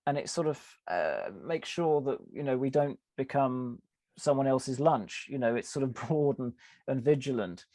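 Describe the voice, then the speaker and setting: A man talks through his ideas as a podcast guest, pausing often and restarting his phrases. His voice is warm and mellow with a gravelly edge. The recording is dry and close, with no room sound. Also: mid-range voice, animated, no room sound. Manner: thoughtful, hesitant with many fillers and restarts. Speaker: podcast guest, advertising author. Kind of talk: conversational interview explanation.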